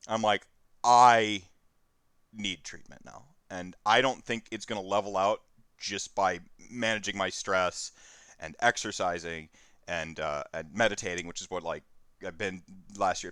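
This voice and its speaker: A man in his thirties, a stream host, telling a candid personal story in a rambling, halting way with many fillers. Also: low-pitched, a bit bright, clear, resonant tone, no echo.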